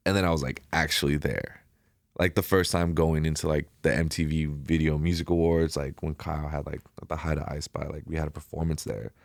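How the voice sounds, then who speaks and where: Very deep-voiced young man, slangy storyteller. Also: a little fast, gravelly, no room sound, clean studio sound. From Ventura County, California. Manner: relaxed, slangy storytelling, filler "like" everywhere. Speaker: podcast guest. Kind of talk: casual storytelling interview.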